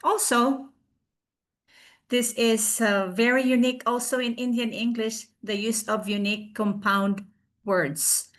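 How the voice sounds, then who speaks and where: A woman presenting a recorded online class on a video call, explaining slowly with fillers and restarts. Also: a little high, fairly even intonation, a bit bright.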